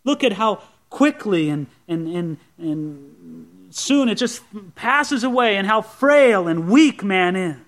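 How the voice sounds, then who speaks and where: A man's voice: high voice, expressive, slow pace. A man preaching a sermon, teaching through a Bible passage verse by verse with conversational asides to the congregation. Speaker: pastor.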